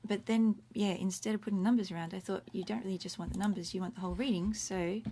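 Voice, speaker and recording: A middle-aged Australian woman talks fast in a mellow, medium-pitched voice with fairly even intonation. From a room at home, with faint room noise, she teaches Latin in a chatty livestream, explaining one word at a time and stopping to comment.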